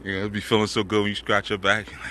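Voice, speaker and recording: A man's voice: fairly low pitch, completely flat delivery, very fast, sharp tone, slight background noise. A man telling stories in a laid-back, rambling way with slang while walking outdoors in the woods. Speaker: spiritual teacher. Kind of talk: casual talk while walking.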